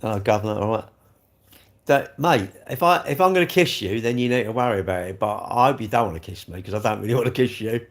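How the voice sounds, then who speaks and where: A man's voice: lowish voice, fast. A man, hosting a live stream and rambling jokily as he answers viewers' comments. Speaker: livestream host reading chat. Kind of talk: casual live chat.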